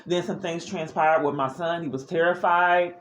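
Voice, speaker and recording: A woman's voice: fairly low pitch, fairly even intonation, normal speed. A woman recording a personal video diary, speaking earnestly and with agitation, often restarting her sentences.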